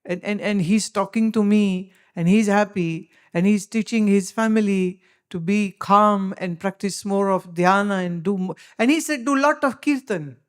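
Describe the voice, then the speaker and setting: A woman's voice: mid-range voice, normal speed, few pauses, clear, resonant tone. A woman with an Indian English accent gives a spiritual discourse as a teacher, speaking emphatically and asking pointed rhetorical questions.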